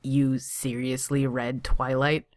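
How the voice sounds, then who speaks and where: A reader voicing a grumpy young male lawyer who talks in a slow, clipped, deadpan way. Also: mid-range voice, no echo, clean studio sound, lightly acted.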